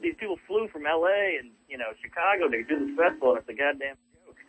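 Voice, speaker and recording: A comedian from New Orleans, calling into a podcast, rants in an exasperated way about a gig gone wrong. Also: male voice, on the high side, lively intonation, fast, narrow, tinny audio, background noise. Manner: ranting, exasperated. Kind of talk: casual podcast storytelling. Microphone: phone call-in line.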